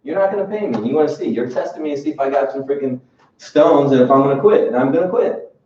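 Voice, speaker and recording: A man leading a sales team training, telling a story with lively energy, acting out his bosses and swearing casually now and then. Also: medium pitch, quick pace. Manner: animated storyteller acting out bosses, laughing, street-talk swearing. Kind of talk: motivational training talk. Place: training room with audience. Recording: roomy, distant, muffled room recording with background noise.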